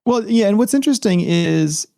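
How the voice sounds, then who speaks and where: Gravelly-voiced man on a casual podcast. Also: high-pitched, lively intonation, normal speed, mellow. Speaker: podcast co-host. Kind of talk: casual chat.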